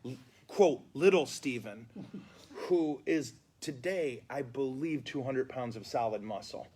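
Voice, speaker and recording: With a husky, mid-range voice and a measured pace, a priest delivers a casual catechesis talk packed with funny stories. He plays the animated comic storyteller with mock outrage, live on stream from inside a funeral home.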